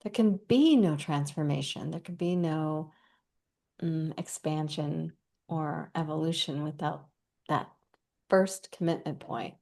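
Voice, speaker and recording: A middle-aged woman, a podcast guest, talks about commitment with animated enthusiasm and speeds up when she gets excited. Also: low-pitched, measured pace, creaky. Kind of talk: conversational podcast talk.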